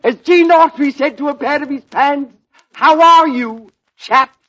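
A man's voice: very high voice, unhurried. An actor playing a pompous male comedian who tells stale puns, in 1940s radio comedy acting. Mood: smug. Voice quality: pompous, punning delivery. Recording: dull old radio broadcast with hiss.

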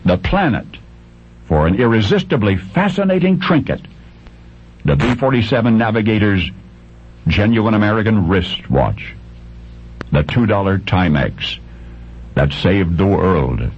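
A man narrates a true tale in a husky, lowish voice, heard through a dull, lo-fi radio recording. He delivers his scripted lines slowly and dramatically, with long pauses and sweeping leaps in pitch. Quiet, measured passages give way to soaring, emphatic peaks. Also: expressive. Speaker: radio storyteller.

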